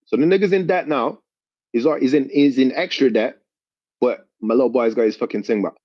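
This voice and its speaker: A man telling an animated story in casual chat, swearing a lot. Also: medium pitch, fairly quick, dry recording, muffled recording.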